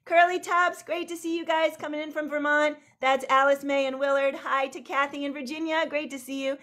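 A woman with a high, bright-sounding voice hosts a video call. She greets viewers by name in a bubbly, rambling flow and laughs often. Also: fairly even intonation, brisk. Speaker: host.

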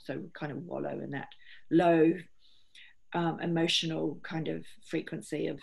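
Middle-aged woman therapist, husky and a bit croaky, talks it through steady and earnest. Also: low-pitched, normal speed. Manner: earnest, steady explaining, acting out clients' inner voices. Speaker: holistic therapist, guest. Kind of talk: interview, explaining.

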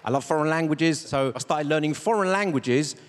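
A man performing a deadpan stand-up routine as an impressionist comedian. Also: on the high side, brisk, long reverb tail. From Italian heritage. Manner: deadpan setups, switching into voices and accents. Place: large theatre stage with a cheering audience. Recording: loud live crowd and noise.

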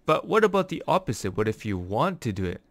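A man giving a casual language lesson, explaining phrases word by word and slowing down for examples. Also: medium pitch, sing-song, no room sound. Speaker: language teacher.

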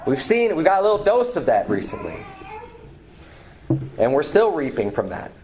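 A pastor preaching a sermon in church, reading scripture aloud with some restarts and fillers. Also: male voice, a little high, huge pitch swings, normal speed, a little mellow, a little hiss or hum. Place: church sanctuary.

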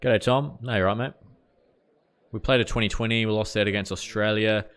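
A man's voice: fairly low pitch, steady tone, brisk, fairly bright tone, clean tone. A man from New Zealand with a Kiwi accent, live-streaming a game and chatting casually while reacting to play and answering viewer messages. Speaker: gaming streamer. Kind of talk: casual live-stream chat over gameplay.

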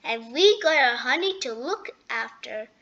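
A woman's voice: sits high, animated, measured pace, a bit bright, dull audio, full character voice. Woman doing buzzing anxious bees. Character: busy humming swarm of bees.

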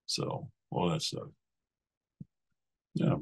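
A man in his fifties from New York, a podcast guest telling easygoing, rambling stories about his years as a Marine. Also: drawn-out words. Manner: rambling anecdotal storyteller, easygoing. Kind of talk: casual interview storytelling.

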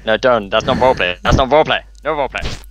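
A man's voice: mid-range voice, lively intonation, fast talker, fairly bright tone, low-quality recording. A man playing a game with friends, talking in a hesitant, mumbling way full of fillers. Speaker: player. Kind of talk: casual gaming chat.

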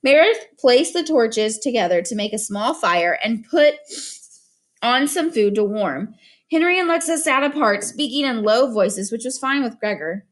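A woman narrating an audiobook in an expressive storytelling manner, doing voices for each character. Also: fairly high pitch.

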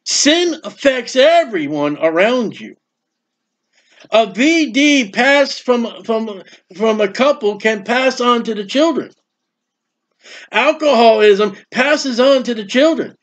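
Speaking slowly in a very high, animated voice, this American preacher delivers a folksy sermon full of stories, voicing the quotes as he goes. It's captured on a dull, lo-fi recording.

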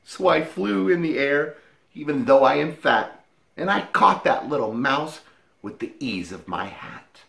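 Man, rhyming story narration, lively pitch swings, slow pace, echoey room. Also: vocal fry. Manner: lively, playful sing-song reading. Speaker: woodworking video maker.

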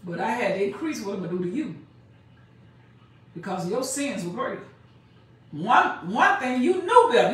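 A woman preaching a sermon. She reads scripture slowly and with emphasis, then explains it in plain everyday speech. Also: medium pitch, very animated. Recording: echoey room, mic far off.

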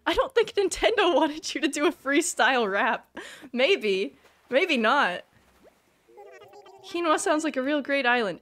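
High-voiced, excitable young woman streamer. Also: a little slow, pauses often, faint music behind. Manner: chatty and excitable, bursting into squeals and shouts. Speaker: live streamer. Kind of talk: casual gaming livestream chat.

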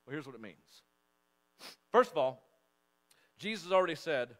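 A male pastor preaching a sermon in church, emphatic and repetitive, swinging between loud and hushed. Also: a little high, lively intonation, normal speed, long pauses. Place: church sanctuary.

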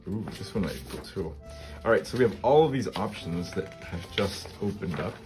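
Deep-voiced and animated, a middle-aged collage artist talks fairly quickly over music while hosting a casual craft demo. He thinks out loud as he works, frequently finishing remarks with a questioning "right?".

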